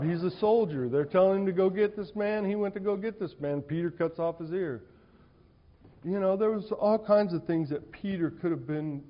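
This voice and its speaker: A male preacher delivering a sermon in an animated, conversational storytelling way in a church hall. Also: on the high side. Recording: dull, reverberant hall sound.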